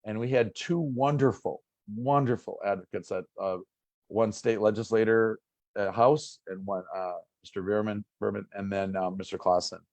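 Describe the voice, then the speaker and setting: A man in his sixties from Minnesota, a pain doctor telling his story as an interview guest in a casual, animated way. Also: fairly low pitch, normal speed, no echo. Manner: animated, acts out past conversations.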